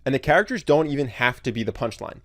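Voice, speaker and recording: A man's voice: medium pitch, expressive, fast, no echo. Man narrating a comedy explainer, dry sound. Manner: clear explanatory delivery. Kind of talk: scripted narration.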